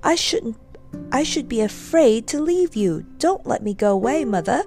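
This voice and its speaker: A woman's voice: on the high side, sing-song, measured pace, mellow, soft background music, voice pushed up. A woman voicing a timid, clingy young male pony in a storybook reading, talking in an anxious, pleading way.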